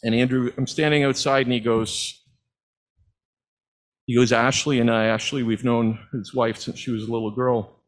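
A man's voice: mid-range voice, flat delivery, normal speed, rough recording. Middle-aged guy giving a testimony sermon, earnest storytelling, kinda emotional. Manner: earnest storytelling, at times moved to tears. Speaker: preacher.

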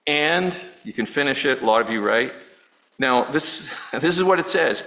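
A middle-aged male pastor preaching a sermon in an earnest, personal way, dropping low and quiet on words of grief. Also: normal speed, low-quality recording. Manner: earnest, personal, softening to near-hush on grief.

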